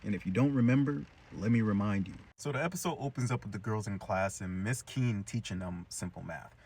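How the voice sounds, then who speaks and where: A young man casually recapping a cartoon episode in a chatty, slangy, animated way. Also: on the low side, fairly quick. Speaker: cartoon reviewer.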